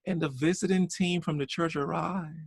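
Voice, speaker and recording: A man's voice: a little high, steady tone, moderate pace, gravelly, husky, dry recording. A man chatting casually on a podcast, telling a personal story with lots of repeated words and restarts.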